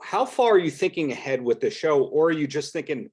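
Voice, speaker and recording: A man's voice: a little high, expressive, darkish tone, breathy edge. Polite male podcast host asking questions. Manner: polite, measured, thoughtful questions. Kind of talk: interview questions. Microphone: video call.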